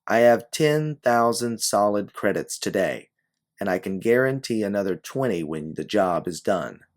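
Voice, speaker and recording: A man's voice: fairly low pitch, animated, unhurried, pitched above the performer's own voice. A man voicing a secretive, wealthy woman client who sounds anxious and pleading as she tries to hire a detective. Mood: urgent. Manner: anxious, pleading, slipping accent.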